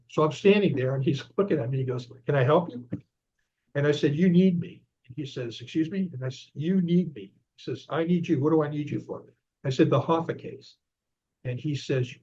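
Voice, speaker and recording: A man's voice: medium pitch, a little mellow. A man recounting a long personal story as a guest in an interview, rambling with frequent restarts. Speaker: guest author and investigator. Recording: dull lo-fi audio.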